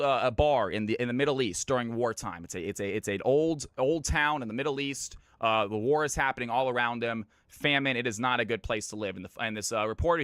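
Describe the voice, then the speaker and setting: A man's voice: mid-range voice, fairly bright tone, smooth, no room sound, clean studio sound. A young man streaming, telling jokes in a loose, rambling way. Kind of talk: casual joke-telling on stream.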